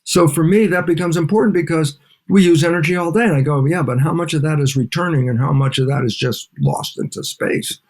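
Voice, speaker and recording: Animated older man, fairly high voice. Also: fairly quick. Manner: animated, acts out back-and-forth dialogues. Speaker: guest scientist and lecturer. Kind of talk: interview conversation.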